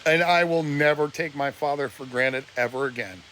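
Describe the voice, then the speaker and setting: A man's voice: on the high side, normal speed, fairly bright tone, slight background noise. A man ranting on a live stream, preachy and blunt, his voice close to breaking with emotion. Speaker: livestreamer.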